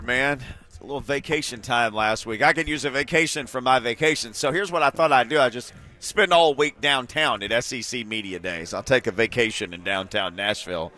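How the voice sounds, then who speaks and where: Upbeat sports radio host, bright voice. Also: male voice, medium pitch, a little fast, few pauses. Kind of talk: live sports talk radio.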